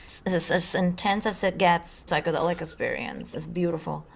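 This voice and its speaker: A woman's voice: on the low side, fairly even intonation, normal speed, gravelly. A woman co-hosting a casual spiritual podcast, talking earnestly and dramatically and sometimes acting out voices. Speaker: podcast co-host.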